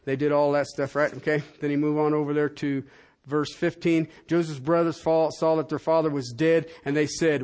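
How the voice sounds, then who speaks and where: A man preaching a sermon as a pastor, swinging from loud, rising proclamation to a hushed, soft prayer, in a church hall. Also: on the high side, steady tone, moderate pace.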